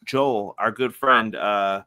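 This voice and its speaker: Guy cohosting a wrestling pod, hyped and rushing thru shout outs, bright tone. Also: fairly low pitch. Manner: hyped, rapid shout-out reading. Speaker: podcast co-host. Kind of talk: casual podcast chat.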